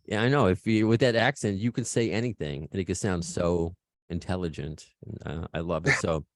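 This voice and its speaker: An American man hosts a podcast in a joking, easygoing chat, poking fun at himself. His voice sits on the low side and sounds dry and close. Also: fairly quick, no echo. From United States. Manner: joking, chatty, self-mocking. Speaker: podcast host. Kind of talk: casual chat. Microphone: video call.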